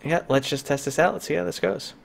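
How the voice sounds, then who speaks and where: This New York-accented streamer's voice is a little high, fast, and creaky. He keeps the live-stream chat loose, cracking jokes and leaning on lots of fillers.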